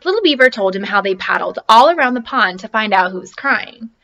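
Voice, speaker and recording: A woman teacher reading a storybook aloud to her class, animated and encouraging. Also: mid-range voice, brisk, muffled recording.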